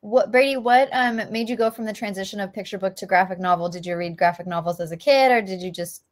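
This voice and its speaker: A woman moderates a casual question-and-answer session at a bookstore event. She asks her questions in a friendly, curious way, at a medium pitch. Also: quick pace. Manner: friendly, inquisitive. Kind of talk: casual Q&A hosting.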